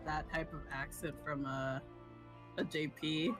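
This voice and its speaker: A woman streamer chatting casually, rambling and halting with many restarts. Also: low-pitched, little pitch movement, fairly bright tone, low-quality recording. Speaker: streamer host. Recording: background music clearly audible. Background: background music.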